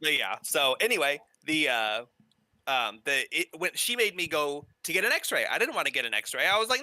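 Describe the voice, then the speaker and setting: Game master, male, slightly raised pitch, rambling with fillers. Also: sing-song, moderate pace, sharp tone, dry recording. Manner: hesitant, filler-heavy. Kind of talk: casual pre-game chat.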